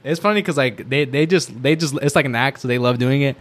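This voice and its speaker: A man's voice: medium pitch, quick pace. A young man casually telling a rambling, filler-heavy story as a podcast guest, often laughing as he talks.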